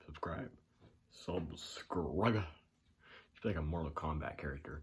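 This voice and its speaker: A man's voice: rumbling low, steady tone, normal speed, long pauses, background noise. A young man talking straight to his viewers in a teasing, mock-bored way. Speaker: YouTuber. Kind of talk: deadpan talk to camera.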